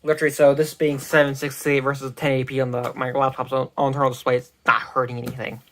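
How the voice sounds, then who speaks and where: Captured on a phone mic, a tech reviewer's casual product review meanders and stalls, riddled with restarts and self-corrections. The mid-range voice shows little pitch movement.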